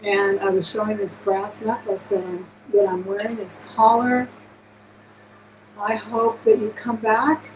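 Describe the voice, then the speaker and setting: A woman's voice: medium pitch, little pitch movement, unhurried, background noise. A woman hosting a live-stream jewelry auction, chatting casually and gushing thanks to her viewers.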